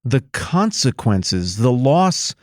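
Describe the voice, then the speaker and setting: A man's voice: medium pitch, big pitch swings, takes it slowly, darkish tone, no room sound, studio quality. A man co-hosting a podcast, riffing through playful, exaggerated hypotheticals in casual chat. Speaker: podcast co-host.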